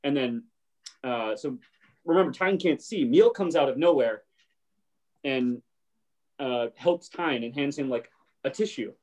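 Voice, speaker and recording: A man's voice: medium pitch, animated, measured pace, pauses often, a little mellow. A man hosting a casual chat and retelling a show scene, briefly acting out the characters' lines. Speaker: podcast host.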